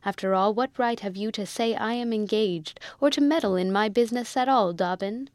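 A woman reading the part of a hot-tempered young male lieutenant in an audiobook, indignant and quick to shout. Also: medium pitch, no echo, lightly acted.

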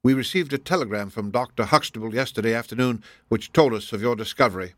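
A man's voice: medium pitch, fast, no echo, studio quality, natural voice. A man voicing a demure, nervous male secretary in an audiobook, politely anxious. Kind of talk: audiobook character voice.

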